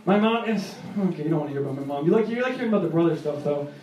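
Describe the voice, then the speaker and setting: A man in his late twenties from Rhode Island doing a stand-up set, telling wry stories and jumping up loud for punchlines. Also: fairly high pitch, animated, highs cut off. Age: 20s. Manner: wry, quick storytelling punctuated by jumps into loud punchlines. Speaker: stand-up comedian. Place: comedy club stage. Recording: echoey club recorded from a distance, audience laughter.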